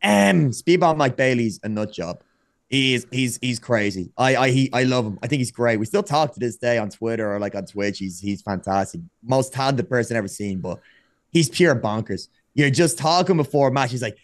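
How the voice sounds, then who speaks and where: A man, a podcast guest telling wrestling stories in a casual, animated way, acting out quoted dialogue. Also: mid-range voice, moderate pace, dry recording, clean studio sound. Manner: animated, acts out quoted dialogue, frequent restarts. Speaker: podcast guest, former wrestler turned streamer. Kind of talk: casual storytelling chat.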